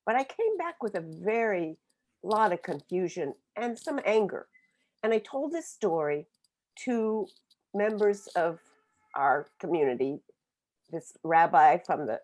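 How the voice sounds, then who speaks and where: Older woman telling her story, low-pitched. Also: darkish tone. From Oklahoma, USA. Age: 70s. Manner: earnest, reflective, with frequent pauses and restarts. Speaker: book author speaking on a webinar. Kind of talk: personal storytelling. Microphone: video call.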